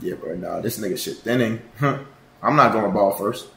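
A man streaming live, chatting casually with his viewers in a loud, profane, joking and rambling way. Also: fairly low pitch, unhurried, gravelly. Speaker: livestreamer. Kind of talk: casual livestream chat. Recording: roomy echo.

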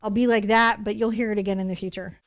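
A middle-aged woman teaching a live painting lesson, telling a story in a chatty, animated way and laughing often. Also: medium pitch, fast. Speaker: painting instructor.

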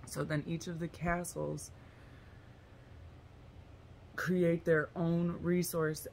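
Woman, casual rambling monologue, slow pace, giggly, scattered, faint noise behind. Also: on the low side, flat delivery, darkish tone. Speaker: tarot vlogger.

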